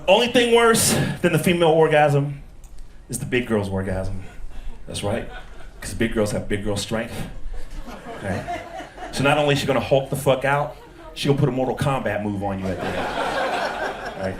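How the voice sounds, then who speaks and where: He's a Texan comedian onstage at a comedy club, performing for a live audience with crowd work and characters played in put-on voices. His mid-range voice is expressive and moves at normal speed, recorded from a distance on a handheld mic. Audience laughter fills the roomy club sound.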